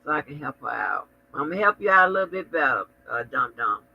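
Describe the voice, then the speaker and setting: A man's voice: fairly high pitch, sing-song, fast, creaky, husky. A man co-hosting a casual chat, talking in a sassy, teasing and exclamatory way. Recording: dull lo-fi sound.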